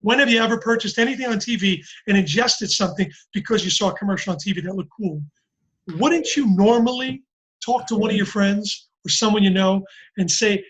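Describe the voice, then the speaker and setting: A man giving a casual sales pitch to a group call, telling stories and acting out quotes. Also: brisk, low-quality recording. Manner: animated, storytelling, acts out quotes. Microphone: call microphone.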